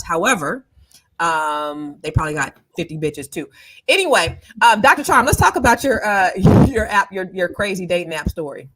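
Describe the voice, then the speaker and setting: A woman's voice: lowish voice, a bit bright. Blunt, joking woman in her forties. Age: 40s. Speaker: podcast co-host. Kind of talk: casual chat.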